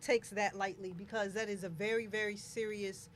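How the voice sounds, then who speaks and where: A woman's voice: medium pitch, level tone, moderate pace. A woman hosting a live talk show, speaking emphatically and repeating words for stress. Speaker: show host. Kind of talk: casual live show chat.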